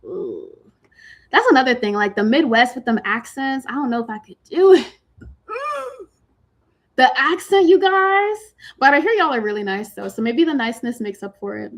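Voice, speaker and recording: A woman's voice: high voice, very animated, moderate pace. A woman from Massachusetts hosting a casual livestream, chatting with viewers in a slangy way, full of "like" fillers and playful teasing. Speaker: livestream host answering chat questions. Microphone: computer mic on a video stream.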